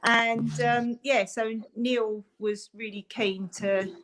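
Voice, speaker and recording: A rather high-voiced woman, chatting over a video call. She rambles warmly through her story with plenty of ums and so-yeahs, and a faint hiss sits under her voice. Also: fairly even intonation, slow, rough recording. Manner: chatty, rambling, many fillers. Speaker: parent of a fundraiser. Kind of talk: casual chat on a video call.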